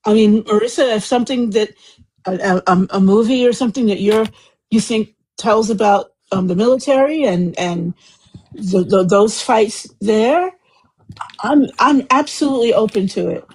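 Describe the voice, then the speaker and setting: Brief: woman host, husky voice, rambling warm chat, home mic. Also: mid-range voice, moderate pace, rough recording. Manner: chatty, rambling, warm and effusive. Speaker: host of a live book club discussion. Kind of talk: casual live group chat.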